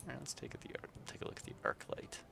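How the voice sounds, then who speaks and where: A man's voice: very fast, background noise. A man livestreaming a game, reading its text aloud and chatting casually with viewers. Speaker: streamer.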